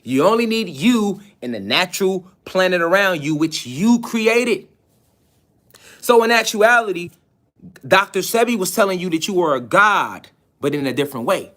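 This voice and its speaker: A man with a fairly high-pitched voice delivers a spiritual lecture to an online audience. He talks insistently and keeps throwing rhetorical questions at his listeners, pressing them to see his point. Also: lively intonation, moderate pace, fairly bright tone. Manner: emphatic, insistent.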